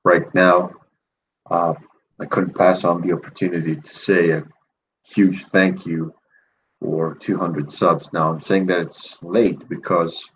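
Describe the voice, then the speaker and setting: A man hosting a casual thank-you stream, speaking in a groggy morning voice and rambling with many fillers and pauses. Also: low-pitched, flat delivery, a little hiss or hum, rough recording. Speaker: channel host.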